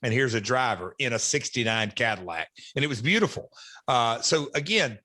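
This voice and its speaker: A man's voice: medium pitch, expressive, normal speed, sharp tone. A middle-aged man, a former wrestler and promoter, chatting as a guest in a casual interview, rambling and reflective with many fillers.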